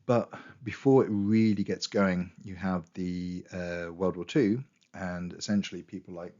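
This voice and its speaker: A history teacher with a very deep voice talks through a revision lesson, chatty and full of quoted asides, while he is losing his voice and going hoarse. His tone is steady, unhurried and a little mellow, and the recording sounds a little dull and muffled.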